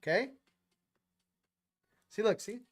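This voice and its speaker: Slangy, rambling young man. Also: takes it slowly. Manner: loose, slangy, rambling with quoted asides. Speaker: spiritual channel host. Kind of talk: casual livestream monologue.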